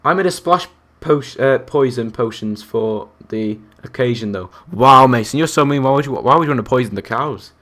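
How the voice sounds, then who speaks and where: A man's voice: medium pitch, normal speed, hardly any pauses, a bit bright. A young man chatting through a live game stream, counting aloud and reacting to viewers and other players. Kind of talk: live gameplay commentary.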